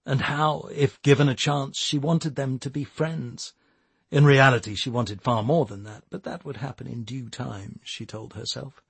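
A man narrating a novel in a measured storytelling voice. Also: mid-range voice, steady tone, creaky, husky, no echo. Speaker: audiobook narrator. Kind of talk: scripted narration.

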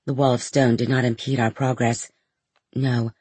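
A man reading a first-person novel aloud in a measured storytelling manner as an audiobook narrator. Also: mid-range voice, flat delivery, darkish tone, breathy edge, dry recording.

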